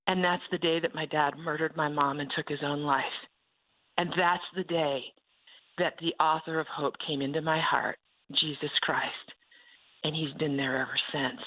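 A woman who runs a ranch ministry, telling a faith testimony in an animated way and acting out the voices of the people in her story. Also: deep voice, moderate pace. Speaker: ranch ministry leader and speaker. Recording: tinny phone-like sound.

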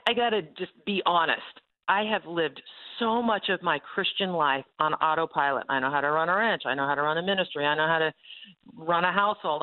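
A woman author sharing a faith testimony as an interview guest, telling her story expressively with frequent laughter. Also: low-pitched. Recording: phone-like line.

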